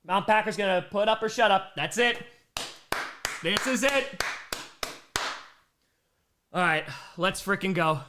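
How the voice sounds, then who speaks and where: A man hosting a live play-by-play reaction stream, excitable and swinging from tense muttering to shouting, reading out and thanking viewer donations between plays. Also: sits high, unhurried, long pauses, noisy background. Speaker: streamer and host.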